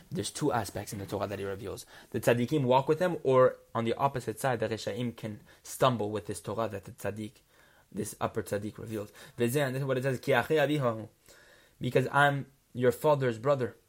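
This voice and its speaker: Male teacher, mid-pitched, reading Hebrew fast and explaining in English. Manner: reads Hebrew lines quickly, then explains in English with restarts. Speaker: Torah teacher. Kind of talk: text study lesson, reading Hebrew then translating.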